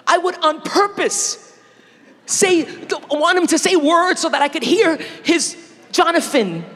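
A middle-aged woman delivers a sermon with a very lively pitch that rises and falls as she speaks. She talks playfully and laughs often. Her voice carries a long reverb from a large hall. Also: measured pace, a little hiss or hum. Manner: animated, laughing, playful asides.

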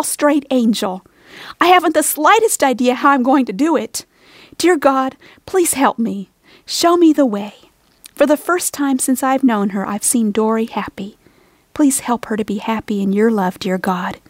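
A woman voicing a kind, caring schoolteacher in a storybook reading, gentle and reassuring. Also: sits high, normal speed, dry recording, studio quality, pitched above the performer's own voice. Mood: worried.

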